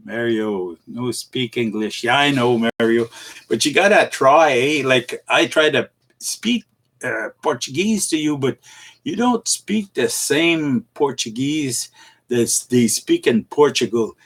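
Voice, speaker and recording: A middle-aged man hosting a casual livestream, rambling and chuckling between halting restarts as he greets his viewers. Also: mid-range voice, animated, a bit bright. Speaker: live streamer.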